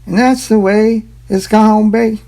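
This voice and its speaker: A man putting on a clumsy, high, sing-song mock Chinese accent. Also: steady tone, dark tone. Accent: mock Chinese, clumsy and partly German-sounding. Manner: jokey, sing-song, deliberately bad impression. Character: man in a broad, exaggerated put-on accent.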